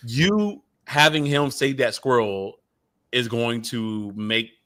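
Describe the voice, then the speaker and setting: A man co-hosting a casual movie review, talking in a lively way and often acting out lines in quotes. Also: mid-range voice, slow pace. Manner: animated, mimics characters in quotes. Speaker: podcast co-host.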